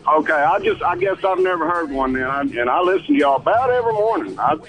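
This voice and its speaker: A man's voice: fairly high pitch, animated, fast talker, a bit bright, faint music behind, poor audio. A man calling in to a radio show, friendly and a bit hesitant, with plenty of fillers. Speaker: caller. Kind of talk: phone-in chat.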